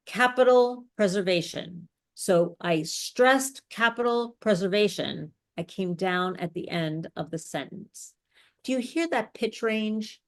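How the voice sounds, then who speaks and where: A woman speech coach leading a live online workshop, explaining step by step with chatty asides. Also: medium pitch.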